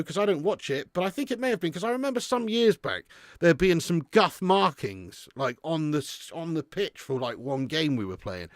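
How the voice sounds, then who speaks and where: An excitable man commentating live on a football match to his stream audience, chatty and laddish, with frequent swearing. His voice sits fairly high for a man and has a dry sound with little room echo. When the game turns against his side he breaks into loud shouting. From England. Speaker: host of a football watch-along stream. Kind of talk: live football watch-along commentary and chat.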